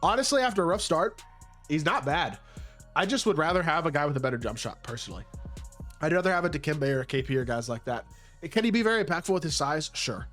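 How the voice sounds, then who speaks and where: A man's voice: fairly high pitch, expressive, fast, a bit bright, soft background music. A young man giving casual commentary over his own gameplay, rambling and hedging with rhetorical questions. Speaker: gaming YouTuber.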